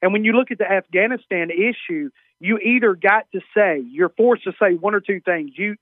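A man with a Southern US accent, a comedian guest on a radio show, talking in a drawn-out, conversational way over a phone line. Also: high voice, dry recording. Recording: dry tinny phone line.

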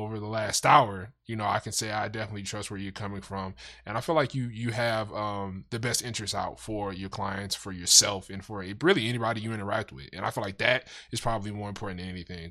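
A man's voice: lowish voice, bright, forceful tone. A man hosting a casual podcast interview, laid-back and easygoing, leaning on "you know" and "man". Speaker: podcast host.

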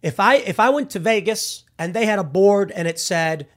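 Slangy, argumentative man with a higher voice. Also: big pitch swings, a little fast, hardly any pauses. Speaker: commentator. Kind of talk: casual opinion commentary.

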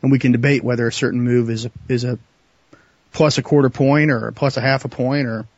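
A man talking as a podcast guest in casual chat, halting and restarting his sentences often. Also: mid-range voice, steady tone, no room sound, dull audio.

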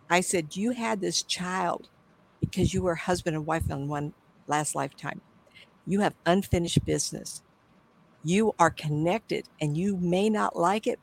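Gravelly, rambling woman medium. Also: fairly low pitch, darkish tone, low-quality recording. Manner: rambling, self-correcting, drifting between asides. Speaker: psychic medium, guest. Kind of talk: storytelling in an interview.

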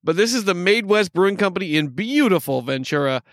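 A man's voice: high voice, lively intonation, a little fast, dry recording, clean studio sound. A man co-hosting a podcast in casual chat, joking and laughing often, with a slight New York accent. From upstate New York. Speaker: podcast co-host.

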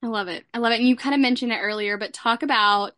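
A woman hosting a casual interview, chatty and quick to laugh. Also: on the high side, pushed and bright, no echo, studio quality. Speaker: interview host.

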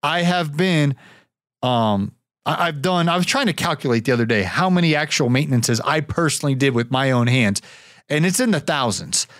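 A man talks solo on his podcast in a loose, rambling way, stumbling over words and chuckling to himself. His voice sits a little high for a man. The recording is close and dry, with no room sound. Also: expressive, moderate pace, fairly bright tone, no room sound. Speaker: podcast host.

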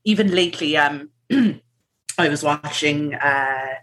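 A woman's voice: low-pitched, slow pace, a bit bright. A woman hosting a casual podcast, chatty and giggly, presenting her research with lots of fillers.

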